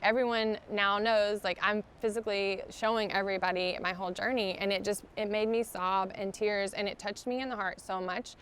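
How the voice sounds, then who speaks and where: A woman's voice: medium pitch, fairly bright tone, slight background noise. A young woman, a podcast guest in the middle of chemotherapy, telling her story in an earnest, heartfelt way, full of "um" and "like". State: undergoing chemotherapy. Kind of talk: casual interview storytelling.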